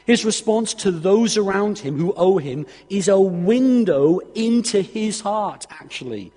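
A man's voice: sits high, animated, unhurried, dark tone. A man preaching a sermon, reading scripture aloud and pressing its point earnestly to the congregation. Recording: long hall reverb.

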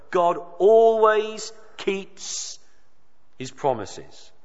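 A man preaching a sermon, emphatic, with dramatic pauses and voiced quotes. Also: fairly high pitch. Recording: dull sound with long reverb of a hall.

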